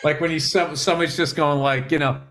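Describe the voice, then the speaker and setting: A man co-hosting a casual podcast, with a voice a touch higher than most men's. He talks bluntly and swears freely, telling his stories in a dry, matter-of-fact way. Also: fairly even intonation, fast talker, fairly bright tone, slight background noise. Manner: blunt, profane, dry storytelling. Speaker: podcast co-host. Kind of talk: casual chat.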